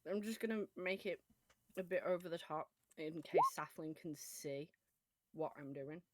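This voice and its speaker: A woman playing a tabletop game, relaxed and playful in casual chat. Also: deep voice, normal speed, no echo. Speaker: player.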